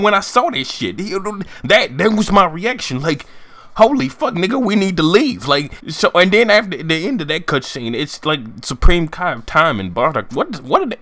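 A man giving excitable, profane, joking commentary on a game trailer from his room. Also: high voice. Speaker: gaming YouTuber. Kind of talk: casual gaming commentary. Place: home room, sitting at a desk chair.

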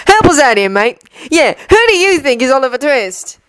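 A woman's voice: high-pitched, sing-song, moderate pace, dry recording, voice pushed up. Woman doing cheeky teenage prankster twin boys.

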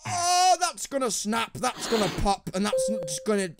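A man's voice: sits high, sing-song, normal speed, heavy background noise. A man with a British accent doing sarcastic let's play commentary, swearing and muttering to himself. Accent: British English. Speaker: gaming YouTuber. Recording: game music behind.

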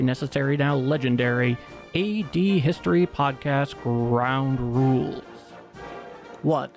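A man co-hosting a history podcast, speaking in a wry, animated way. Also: medium pitch. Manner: wry, animated, recites set rules. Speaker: podcast co-host. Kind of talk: casual history podcast chat.

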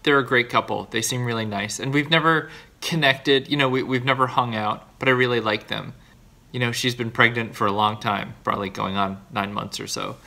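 A man's voice: mid-range voice, fairly even intonation, a little fast, gravelly, pushed and bright. A man talking to the camera in a confessional video diary, earnest and self-deprecating, rambling through his thoughts with restarts. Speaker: vlogger.

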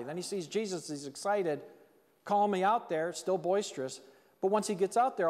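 A man's voice: high voice, darkish tone. Guy preaching in church, chatty and down to earth, acts out the quotes, long echo. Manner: conversational, plain-spoken preaching with acted-out quotes. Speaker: pastor. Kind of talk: sermon. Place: church sanctuary.

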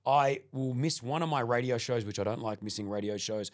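A man's voice: mid-range voice, fairly quick. A middle-aged man from Australia, a radio presenter chatting as a podcast guest and telling anecdotes, acting out what people said. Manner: animated anecdote teller, acts out quoted lines. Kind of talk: casual chat, storytelling.

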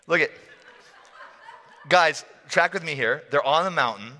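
A man preaching a sermon as a pastor, telling the story in an animated, playful way with frequent laughs. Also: fairly high pitch, a little slow. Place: church hall. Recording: long church hall reverb.

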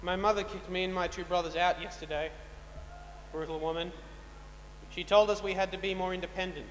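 A man's voice: high voice, steady tone, brisk, a bit bright. A man playing a naive young pig in an amateur stage play, speaking in an earnest, matter-of-fact way. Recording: echoey hall with faint noise.

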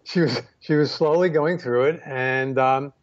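Male interview guest, mid-pitched, reflective storyteller with lots of fillers; dull lo-fi sound. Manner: unhurried, many fillers and restarts. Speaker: photographer guest.

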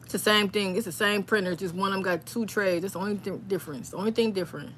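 Woman rambling on a live stream, reads out viewer comments, gets all excited, faint hiss in the background. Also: medium pitch, fast talker. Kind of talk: casual live stream chat.

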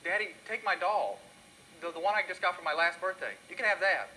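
Pleading little girl, begging and stubborn, as a preacher puts her on, a touch higher and very bright. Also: animated, fairly quick, slight background noise, full character voice, rough recording. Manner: begging, clinging to her treasure.

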